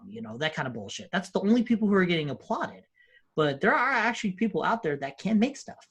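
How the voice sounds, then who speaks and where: Husky-voiced man ranting casually. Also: a little high, very animated, fairly quick, a bit bright. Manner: profane, ranting, mocks people in quoted voices. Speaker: podcast co-host. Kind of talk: casual chat.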